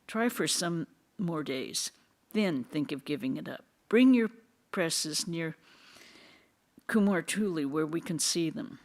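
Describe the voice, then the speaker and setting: A reader gives voice to a spirited elder monk who scolds and commands his companions. The lines come out emphatic and lively, with the pitch jumping on key words. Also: takes it slowly. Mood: urging.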